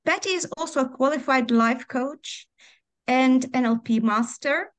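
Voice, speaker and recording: A woman with a fairly high voice moderates an online meetup over a video call. She reads out the guest speaker's bio and hands over the floor. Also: unhurried. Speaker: event moderator.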